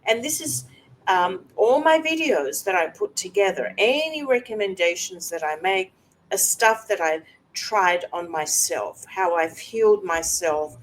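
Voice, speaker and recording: A woman host talking personally to camera, soft and halting with many fillers, at times close to tears. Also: mid-range voice, a little hiss or hum, poor audio. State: emotional, close to tears at moments. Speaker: wellness coach and video host.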